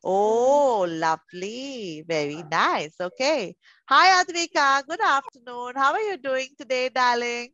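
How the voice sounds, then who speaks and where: High, bright-voiced teacher on a video call. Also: female voice, expressive, measured pace, no room sound. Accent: Indian English. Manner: coaxing, affectionate, calls children darling. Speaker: pre-school teacher. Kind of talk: online class with young children. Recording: muffled video call audio.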